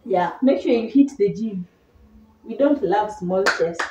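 A woman's voice: mid-range voice, lively intonation, a little slow, warm tone, highs cut off. A young woman from Kenya hosting a casual, playful question-and-answer chat with a friend. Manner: giggly, playful, teasing. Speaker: host. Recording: echoey room, distant mic, faint hiss.

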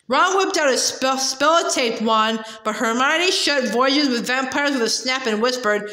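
High-voiced woman reading a novel aloud. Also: lively intonation, unhurried, hardly any pauses, pushed and bright. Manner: unpolished reading with slips and restarts. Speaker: reader. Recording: roomy echo.

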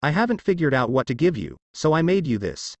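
A man's voice: fairly high pitch, sing-song, a little fast, no room sound, lo-fi sound. A man voicing an earnest young male ninja clan heir in a plain, matter-of-fact storybook reading.

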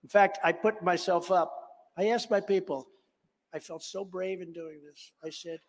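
A man's voice: high-pitched, steady tone, normal speed, slight background noise. Older man telling a story in a reverberant hall. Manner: conversational, boastful, acts out dialogue, digressive. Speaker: speaker at a political conference. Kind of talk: rambling storytelling speech to a crowd. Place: large hall.

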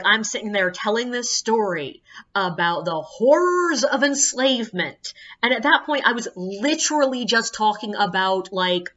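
Bright-voiced woman telling tour stories. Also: dull audio. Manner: animated, acts out guests in high squeaky voices; exasperated, swears freely. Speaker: ghost tour guide. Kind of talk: casual storytelling monologue.

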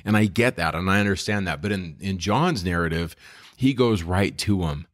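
A man's voice: low-pitched, moderate pace, dry recording, studio quality. A man co-hosting a casual scripture discussion, retelling stories earnestly and with enthusiasm. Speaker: podcast co-host.

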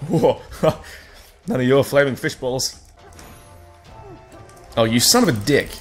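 A man's voice: on the low side, fairly even intonation, brisk, soft background music. A man hosting a let's play, giving sarcastic, swearing running commentary on a game as he plays it. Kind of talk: gameplay commentary.

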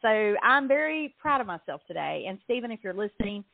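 A woman's voice: mid-range voice, very animated, brisk, creaky, no echo. A woman with a Southern US accent hosting a radio show, chatty and self-deprecating, laughing often. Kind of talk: casual chat. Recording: tinny phone-like line.

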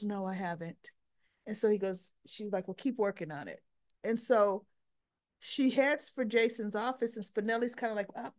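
Chatty woman recapping soap scenes. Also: fairly high pitch. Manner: chatty, retells scenes with quoted dialogue and asides. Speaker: soap opera recap host. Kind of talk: casual episode recap.

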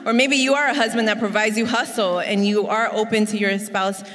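Woman, sermon co-speaker, bright tone, chatty with fillers, reverberant church hall. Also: medium pitch, fairly even intonation, a little fast. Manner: chatty, with many fillers like "like" and "you know". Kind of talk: conversational sermon.

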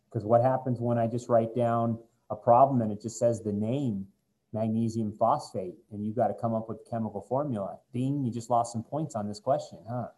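A man's voice: mid-range voice, warm tone, rough recording. A man teaching a chemistry lesson to his students in a chatty, joking way, walking them through worked examples. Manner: jokey, chatty, talks straight to students. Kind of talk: recorded classroom lecture.

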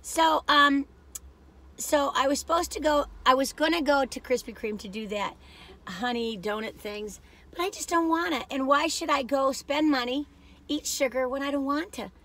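Chatty woman with a bright, worn voice. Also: high-pitched, normal speed. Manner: rambling, chatty, self-deprecating. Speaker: vlogger. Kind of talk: casual chat while driving. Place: car.

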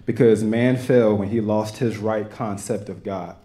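A young man with a Texan accent giving an earnest, halting personal testimony to a church congregation. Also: lowish voice, fairly even intonation, dark tone. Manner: earnest, halting, with many restarts. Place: church sanctuary.

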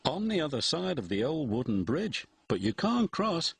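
A man's voice: on the high side, sing-song, normal speed, gravelly, husky, no room sound, voice pushed up, exaggerated voice. A man voicing a careless male train driver in a storybook, talking in an offhand, reassuring way.

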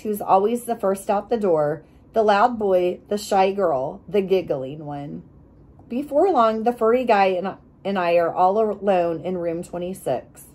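Woman, storybook read-aloud, animated, voices sound effects, breathy. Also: medium pitch. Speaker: reader. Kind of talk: reading a children's chapter book aloud.

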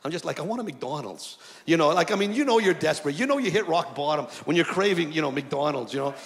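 A high-pitched male preacher tells a story from the pulpit and voices the people in it with animated energy. His words ring out with a long reverb that fills a big church hall. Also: quick pace. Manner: animated, acts out dialogue in his stories. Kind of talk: storytelling sermon.

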